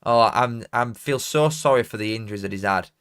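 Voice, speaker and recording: Chatty South Yorkshire lad on a stream. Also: male voice, mid-range voice, a little fast, a bit bright, clear, resonant tone. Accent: Barnsley, South Yorkshire. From South Yorkshire, England. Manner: rambling, self-mocking, broad dialect grammar. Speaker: football streamer reading donations. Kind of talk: casual live watchalong chat.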